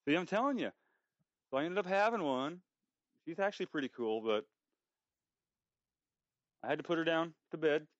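A man's voice: a little high, animated, dry recording, highs cut off. A man in casual podcast chat, joking and swearing freely as he talks. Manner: profane, joking, quick-talking.

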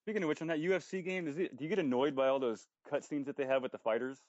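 A man chatting on a podcast at a rapid clip, joking and swearing freely. The sound is dull and lo-fi, with no room echo. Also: a little high, fairly even intonation, a little mellow. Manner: profane, joking, quick-talking. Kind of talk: casual chat.

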